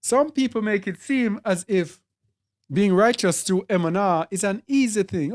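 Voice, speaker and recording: Slow, deliberate Jamaican Bible teacher. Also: medium pitch. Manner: deliberate, repeats and lists words for emphasis. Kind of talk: sermon.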